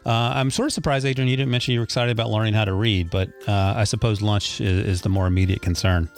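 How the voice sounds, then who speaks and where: A man's voice: on the low side, steady tone, fast, soft background music. A man hosting a casual family podcast with his young sons, teasing them with dry humor.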